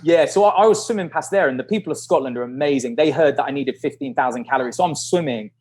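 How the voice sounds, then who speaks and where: A British man in his thirties, a guest calling in by video, telling stories in a lively way, laughing and acting out what others said. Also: medium pitch, fast. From United Kingdom. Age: 30s. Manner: animated, laughing storyteller who acts out quotes. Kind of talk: casual interview storytelling. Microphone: video call.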